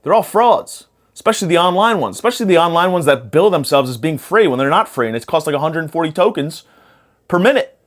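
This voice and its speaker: A man's voice: fairly high pitch, lively intonation, fast. A young man hosting a podcast, rambling through a profane comedic monologue while spacey after a panic attack. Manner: profane, rambling, jumps between topics. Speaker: podcast host.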